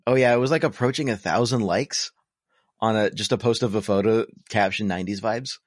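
A man's voice: lowish voice, fairly quick, no echo, studio quality. A man co-hosting a podcast in casual chat, rambling and self-deprecating with sarcastic humor. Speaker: podcast co-host.

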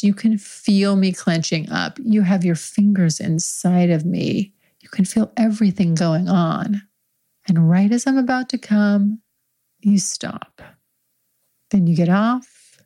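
Woman, podcast host, intimate second-person storytelling, frank, unhurried. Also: medium pitch, mellow. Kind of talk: improvised erotic storytelling.

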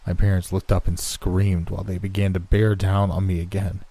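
A man reading a horror story aloud in measured scripted narration. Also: low-pitched, level tone, creaky, mellow, no echo. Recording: rain and thunder sounds behind.

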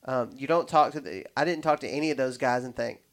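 A man's voice: medium pitch, quick pace. Rambling podcast host man. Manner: rambling, restarts often, animated when telling stories. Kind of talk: casual podcast chat.

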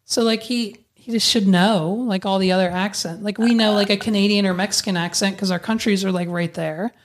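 A young adult woman hosting a casual podcast, chatty and quick to tell stories, swearing freely. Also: mid-range voice, fairly even intonation. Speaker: podcast host.

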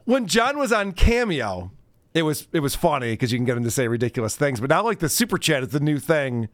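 A man's voice: on the high side, sing-song, fairly quick, no room sound. A man co-hosting a podcast in casual chat, reading viewer messages, laughing often and teasing with profanity. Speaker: podcast co-host.

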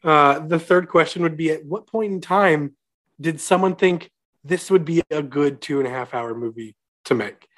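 A man's voice: fairly high pitch, normal speed, a bit bright. A young man co-hosting a casual movie chat, sarcastic and incredulous as he picks a film apart. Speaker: podcast co-host.

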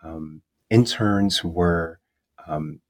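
A young man interviewing an author, speaking in a measured way with frequent filler pauses. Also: sits low. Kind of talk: interview questions and conversation.

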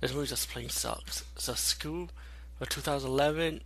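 Young dude reviewing a movie, gravelly husky voice, lots of "you know" and cussing. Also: male voice, medium pitch, moderate pace, a bit bright, low-quality recording. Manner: loose and rambling, swears, many fillers. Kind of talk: casual spoken movie review.

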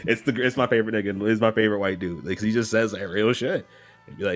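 Guy with a lowish voice rambling thru stories, laughing a lot, faint music in the back. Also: quick pace. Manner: rambling, laughing storyteller with repeated restarts. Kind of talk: casual chat.

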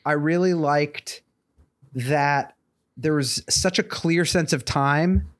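A man's voice: fairly high pitch, slow pace. A man co-hosting a podcast in casual chat, rambling with many fillers and restarts. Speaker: podcast co-host.

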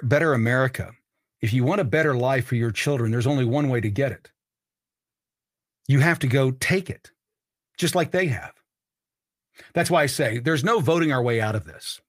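A man's voice: mid-range voice, no echo, studio quality. A man hosting his own podcast, delivering an emphatic political monologue and repeating points for emphasis. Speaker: podcast host.

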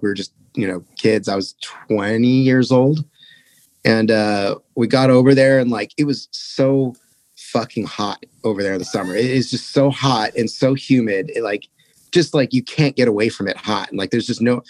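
A man's voice: mid-range voice, fairly quick, a little mellow, no echo. A young man casually telling a rambling, profane touring story as a podcast guest.

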